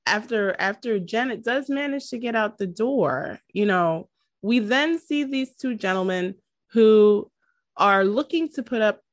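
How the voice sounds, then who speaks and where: A woman hosting a podcast in casual chat, animated, often laughing and making dramatic asides. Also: a little high, no room sound, studio quality. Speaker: podcast host.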